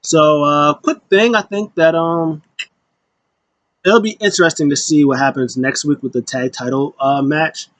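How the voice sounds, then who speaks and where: A young man casually recapping a wrestling show, rambling with lots of fillers and sudden excited bursts. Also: fairly high pitch, measured pace, dry recording.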